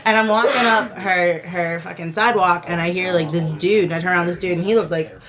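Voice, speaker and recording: A woman's voice: lowish voice, brisk, a crowd in the background. A young adult woman co-hosting a podcast, telling a story in casual chat, swearing freely and acting out the people she quotes. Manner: animated, swears freely, acts out quoted voices. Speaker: podcast co-host.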